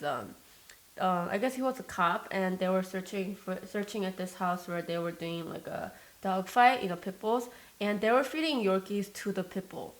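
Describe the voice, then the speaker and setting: A woman's voice: mid-range voice, poor audio. Rambling young woman vlogger. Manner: rambling, emotional, many fillers and restarts. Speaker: mukbang vlogger. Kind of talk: casual chat while eating. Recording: staticky mic noise.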